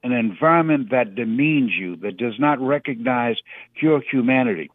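A man's voice: medium pitch, lively intonation, normal speed, no room sound. A man giving a preacherly motivational talk as a radio guest, stressing his points by repeating words. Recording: tinny phone line.

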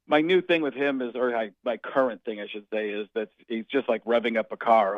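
Man, comedian, casual interview, jokey, animated, dry muffled line. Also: mid-range voice, fairly quick, few pauses, no echo. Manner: animated, jokey, slips into impressions. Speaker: comedian guest.

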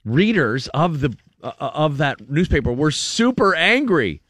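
A man hosts a morning radio show in a casual, chatty way. His pitch swings widely as he reads news aloud and slips into playful voices for the people he quotes. The sound is close and dry. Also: sing-song, a little slow, fairly bright tone, no room sound.

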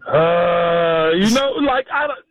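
A man co-hosting a sports radio show, joking around in animated casual banter. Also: high-pitched, takes it slowly, no echo, narrow, tinny audio.

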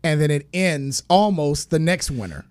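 A man's voice: a little high, lively intonation, moderate pace, a little mellow, no echo. A man co-hosting a sports talk radio show, chatting and bantering agreeably with the host.

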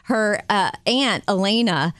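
A woman's voice: mid-range voice, lively intonation, slow, a bit bright, no echo. Chatty upbeat woman radio host. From Florida, US. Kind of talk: casual radio show chat.

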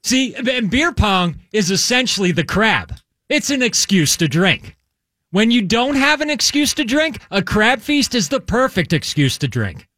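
A man's voice: high voice, measured pace, no echo. A man from Maryland co-hosting a show, ranting and laughing in casual banter. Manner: animated, ranting, laughs often. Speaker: co-host.

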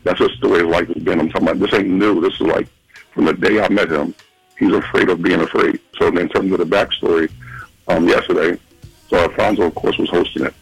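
A man from Philadelphia calling in to a radio show, telling a story in a casual, animated way. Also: brisk, creaky, slightly rough, dry recording, soft background music, low-quality recording. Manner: animated, acts out quotes in a high voice. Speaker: phone-in guest. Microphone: phone call.

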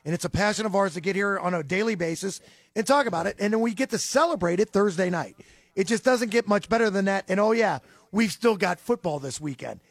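A man's voice: high voice, fairly quick, gravelly, no echo. A man co-hosting a radio talk show, bantering in a teasing but earnest way.

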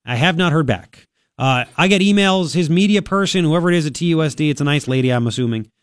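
A man's voice: on the high side, animated, fast talker, no echo. A man hosting a radio talk show in a studio, chatty and sarcastic, sniffling from a cold. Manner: sarcastic, chatty, reads news aloud with asides. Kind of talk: casual talk radio commentary. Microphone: studio microphone.

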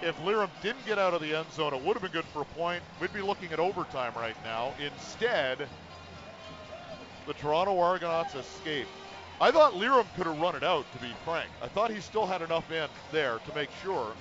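Man, radio play-by-play announcer, high voice, dull broadcast sound. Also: quick pace, hardly any pauses, music in the background. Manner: shouts the call at big plays, then talks it over calmly. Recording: muffled radio broadcast with stadium noise.

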